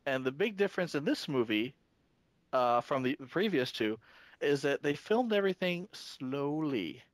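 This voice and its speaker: A man co-hosting a casual fan discussion podcast, talking in halting bursts full of restarts and fillers. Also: fairly high pitch, expressive, no echo. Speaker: podcast co-host.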